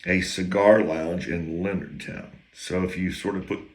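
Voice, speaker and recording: A man's voice: sits low, steady tone, unhurried. A man telling rambling stories in a casual monologue, laughing between lines and drifting into asides and talk to himself. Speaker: podcast host telling stories.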